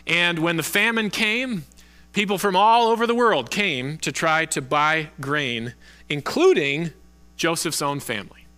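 A man's voice: a little high, bright, forceful tone, clear, resonant tone. Earnest preaching man in a reverberant hall. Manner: earnest preaching with slow emphatic stresses. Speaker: pastor. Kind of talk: sermon.

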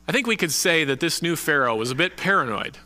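A man preaching a sermon from the pulpit as pastor, earnest and deliberate, leaning on key words with slow emphasis. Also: a little high, big pitch swings, pushed and bright, in a large hall.

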